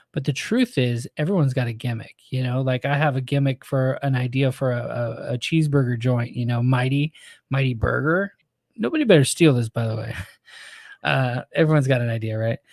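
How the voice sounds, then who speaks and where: A man's voice: medium pitch, a little fast, darkish tone, dry recording. A male podcast host talks in a loose, conversational way, often tossing in little fillers. His voice sits mid-range, and the recording is dry and close, with almost no room sound. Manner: loose and conversational, leaning on "you know" and "right". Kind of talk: casual interview chat.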